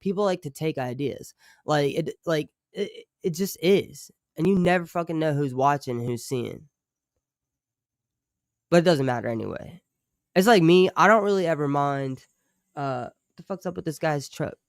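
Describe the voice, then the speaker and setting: A slightly high-voiced man rambles through a live stream, swearing freely and breaking off to answer his chat. His voice is smooth and clear, and it is recorded dry and close, with no room sound. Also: normal speed, dry recording. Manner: profane, rambling, animated asides to chat. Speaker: true crime streamer and musician.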